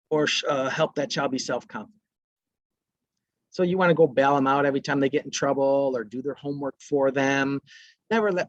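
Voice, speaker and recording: A man's voice: medium pitch, no room sound, muffled recording. A man presenting a parenting workshop, talking casually and acting out short lines from parents and kids. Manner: conversational, acts out parents and kids in brief quotes.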